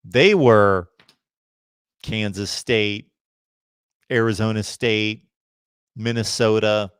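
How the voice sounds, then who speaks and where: A man's voice: fairly low pitch, takes it slowly, a bit bright, smooth, dry recording. A man hosting a live college football chat, reading viewer comments and giving emphatic opinions. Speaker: host of a college football livestream.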